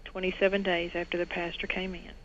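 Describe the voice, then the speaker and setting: On an interview show, a middle-aged former clinic owner tells her own story in earnest, lifting her voice to quote others. Her pitch sits fairly low and barely moves, her pace is quick, and her tone is fairly bright. Faint noise runs under the dull, lo-fi recording.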